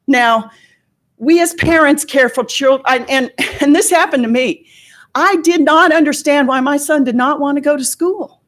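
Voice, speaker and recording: A woman's voice: high voice, a bit bright. A middle-aged woman giving impassioned public testimony as a parent at a board meeting, pointed and full of rhetorical questions.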